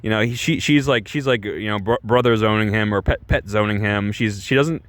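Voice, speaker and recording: A man's voice: fairly low pitch, fairly quick, dry recording. A man rambling casually through a movie review, restarting his sentences often and filling the gaps with "like" and "you know". He swears freely.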